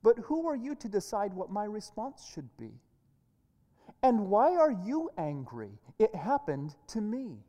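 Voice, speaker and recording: Brief: a calm, firm older woman, told by a woman preacher, measured and unhurried. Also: medium pitch, long reverb tail. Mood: steady. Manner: slow, measured and restrained.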